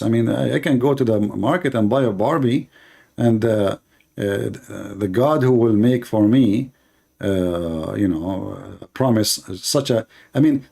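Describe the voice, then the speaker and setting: A man's voice: medium pitch, vocal fry, warm tone. A man hosting a call-in debate, arguing in an emphatic, mocking way. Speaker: host.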